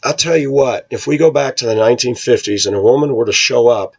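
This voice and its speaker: Husky-voiced man ranting scornfully. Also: fast, lo-fi sound. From United States. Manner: opinionated, scornful, mocks voices in falsetto. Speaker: vlogger. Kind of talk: casual ranting monologue.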